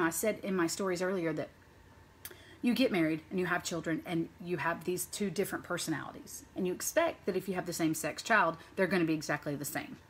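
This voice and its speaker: A woman's voice: on the low side, breathy edge. A woman in her thirties telling parenting stories in a casual vlog monologue, chatty and rambling, linking her thoughts with "and so.". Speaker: mother sharing parenting stories.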